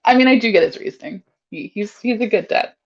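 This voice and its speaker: A woman with a middle-pitched voice chats in a teasing, amused way. Her sound comes through dull and lo-fi, as if from a remote line. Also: quick pace. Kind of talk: casual chat.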